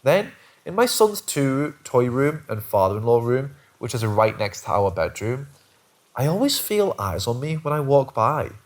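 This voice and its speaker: Man narrating scary stories, lively pitch. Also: unhurried. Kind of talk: scripted narration of first-person scary stories.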